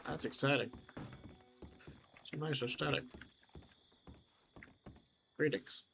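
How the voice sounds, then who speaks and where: A man's voice: mid-range voice, slow, creaky, a bit bright, slight background noise. A man giving let's-play commentary, chatty and wry, talking to himself as he explores. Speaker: gamer.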